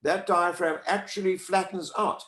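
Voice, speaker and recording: A man explaining voice warm-up exercises as a coach in an interview, animated and demonstrative. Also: high voice, moderate pace. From South Africa. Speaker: voice-over coach. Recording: echoey room.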